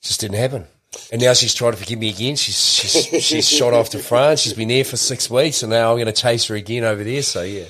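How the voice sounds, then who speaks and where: A man with a mid-range, brisk, slightly bright voice tells a long personal story in casual conversation. He rambles, restarts often, and acts out the quotes he recounts.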